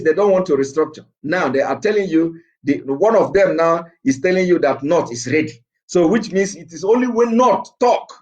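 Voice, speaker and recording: A man's voice: high-pitched, rough recording. A man preaching with passion, emphatic and defiant, hammering his points through repetition. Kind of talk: impassioned political preaching.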